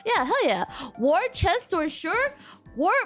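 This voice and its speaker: Woman streamer, casual chat, giggly, self-deprecating, bouncy animated pitch. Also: normal speed, faint music behind. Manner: giggly, self-deprecating, stumbles over words.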